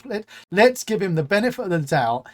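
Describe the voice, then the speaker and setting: A man hosting a casual interview over a video call, playful and quick to laugh. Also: sits high, big pitch swings. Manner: playful, laughs often, stumbles over words. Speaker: interview host. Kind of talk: casual chat.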